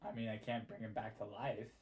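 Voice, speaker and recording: A man's voice: fairly low pitch, flat delivery, fairly quick, a little mellow, voice pushed down, natural voice. A man voicing a shifty, greedy male cleric who hesitates and mumbles his answers. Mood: evasive.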